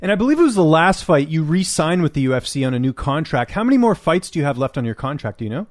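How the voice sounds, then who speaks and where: A man interviewing a fighter, asking quick friendly questions. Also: a little high, very animated.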